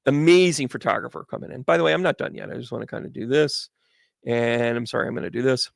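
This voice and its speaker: A fast-talking medium hosts a casual livestream, telling meandering, animated stories packed with asides and restarts. His voice is middle-pitched and gravelly, recorded close and dry with no room sound at all.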